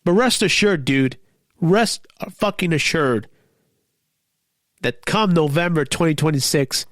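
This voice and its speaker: A man's voice: a little high, animated, slow pace, a bit bright, no room sound, clean studio sound. A man hosting his own talk show, ranting angrily about politics with lots of swearing and restarts. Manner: profane, heated, rambling with restarts. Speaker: podcast host. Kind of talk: angry political rant.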